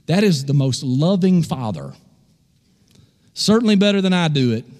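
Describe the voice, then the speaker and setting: High-voiced emphatic preacher man. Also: very animated, moderate pace, a little mellow, big-room sound. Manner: emphatic, call-and-response questions. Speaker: pastor. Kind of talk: sermon. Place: church.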